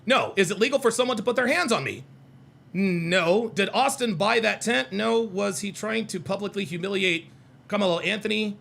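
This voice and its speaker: A man's voice: high voice, expressive, normal speed, creaky, fairly bright tone. A man hosting a heated livestream, reading out chat comments and arguing with them in a combative, mocking way, repeating his points.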